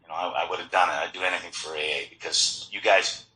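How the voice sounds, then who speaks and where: A man giving a personal recovery talk at a meeting, telling his story in an animated way with frequent restarts, recorded in an echoey meeting hall. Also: deep voice, quick pace. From Florida.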